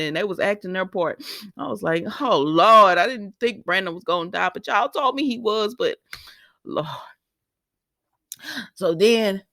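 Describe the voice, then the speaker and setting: A woman talks through a soap episode in a chatty, emotional way and calls her viewers "y'all." Her voice sits a little low. She is recorded close up with no room sound. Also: no room sound. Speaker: soap opera recap host. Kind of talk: casual spoken recap.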